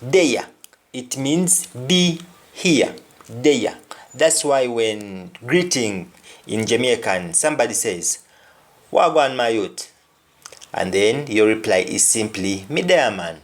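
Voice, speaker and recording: A man teaching a spoken language lesson at an unhurried, measured pace. He explains each phrase patiently and circles back to repeat key words so they sink in. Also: medium pitch. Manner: deliberate, repeats words for emphasis.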